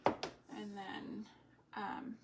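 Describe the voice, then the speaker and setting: A woman's voice: mid-range voice, completely flat delivery, drawn-out words, very noisy. A woman hosting a live crafting stream, chatting in long rambling asides while she works with her hands. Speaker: homesteading craft host.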